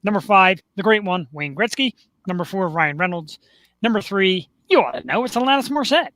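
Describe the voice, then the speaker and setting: A man's voice: high-pitched, animated, a little fast, fairly bright tone, no room sound. A man hosting a live talk show, joking at his own expense and announcing in a showman's way. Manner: joking, self-deprecating, announcer-like.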